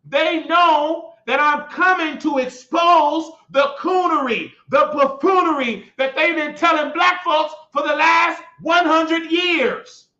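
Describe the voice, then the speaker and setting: A man's voice: very high voice, takes it slowly, few pauses. A man from the United States hosting his own show, giving an impassioned, rambling political monologue. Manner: heated, shouting at times, rambling with restarts. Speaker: show host. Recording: echoey room, dull lo-fi sound.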